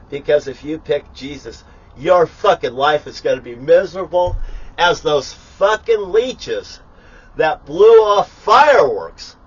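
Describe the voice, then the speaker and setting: A man's voice: on the high side, a little mellow, breathy edge, dull audio. A man talking casually in a rambling, profane, grandiose rant while cooking in his kitchen. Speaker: vlogger. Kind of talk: rambling live vlog monologue.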